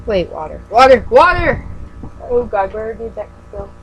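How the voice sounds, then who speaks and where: A woman's voice: mid-range voice, warm tone, slight background noise, poor audio. A woman giving a casual read-aloud of a webcomic. She stumbles over words and breaks off into self-mocking asides. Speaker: fan reader.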